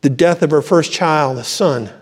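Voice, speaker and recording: A man's voice: a little high, moderate pace, slightly rough, in a large hall. An older man, a pastor, preaching a sermon with fervent praise and storytelling, recorded in a church.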